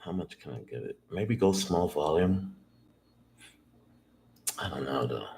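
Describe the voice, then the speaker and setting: Deep-voiced man trading live, thinking aloud. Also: lively intonation, a little slow, gravelly, a little mellow. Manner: self-talk, swears, second-guesses himself. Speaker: day trader streaming live. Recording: roomy echo, faint background noise.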